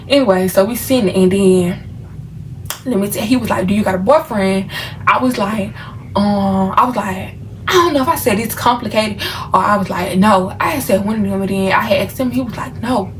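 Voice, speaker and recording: A woman's voice: medium pitch, moderate pace, far from the mic, slight background noise, rough recording. A woman from Memphis telling a casual storytime to her viewers, chatty and full of fillers. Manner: chatty, talks straight to viewers, many fillers. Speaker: vlogger.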